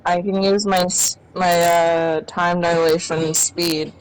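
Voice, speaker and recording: A woman's voice: on the low side, level tone, slow pace, smooth, rough recording. A woman playing a tabletop game, thinking aloud and hesitating as she talks. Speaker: player. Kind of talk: casual game play.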